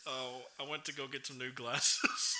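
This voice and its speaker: A man's voice: medium pitch, flat delivery, unhurried, sharp tone. A young man co-hosting a casual podcast chat, giggling often and saying "dude" and "bro". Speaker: podcast co-host. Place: podcast studio.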